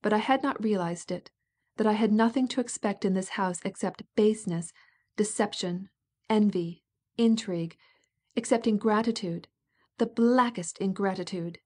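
A proud princess, bitter and cutting, her words edged with wounded resentment, as a woman reads her in an audiobook. The tone is mellow and dark rather than shrill. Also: normal speed, lightly acted. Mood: bitter, indignant.

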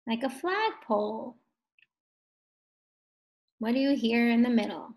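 Slow, encouraging woman teacher. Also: on the high side, expressive, darkish tone. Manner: encouraging and praising, sounding words out slowly. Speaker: first grade teacher. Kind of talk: recorded distance-learning phonics lesson for young children.

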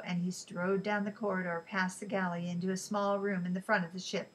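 A woman narrating an audiobook in a steady, even storytelling voice. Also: lowish voice, brisk, rough recording. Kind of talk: scripted narration.

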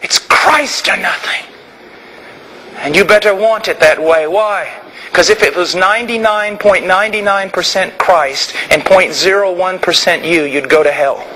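A male preacher delivers an impassioned sermon, dropping low and slow before climbing into fervent shouts. His voice sits high and rings bright. A faint hiss runs underneath. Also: rough recording. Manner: impassioned, swings from quiet to shouting.

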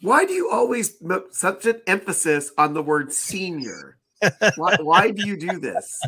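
Lively, bright-voiced man joking around. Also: sits high, measured pace, husky, dry recording. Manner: mock-indignant, joking protests. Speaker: podcast co-host. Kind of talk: casual chat.

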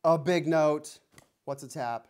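Teasing drum teacher counting beats. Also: male voice, a little high, slow, darkish tone, smooth. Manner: playful, teasing, mock-threatening. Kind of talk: one-on-one music lesson. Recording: noisy room with drum clicks.

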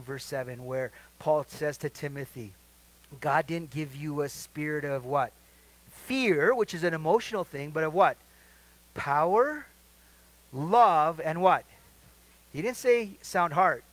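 Middle-aged male pastor, fairly high voice, preaching with quiz-like questions and sudden loud emphasis. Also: rough recording. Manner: asks the congregation questions to fill in verses, then answers them; swings from quiet asides to loud emphatic lines. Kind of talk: midweek Bible study sermon.

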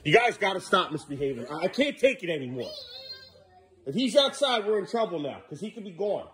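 A man's voice: high voice, sing-song, a little fast, fairly bright tone. A man filming his kids at home for a vlog, laughing at them and scolding them in turn. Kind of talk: casual home vlog narration.

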